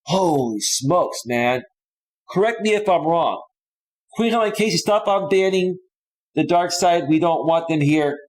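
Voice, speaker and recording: Unhurried and high-voiced, a male live streamer chats easily with his audience and reads their comments and donations. His laid-back manner includes frequent use of "bro" and "man."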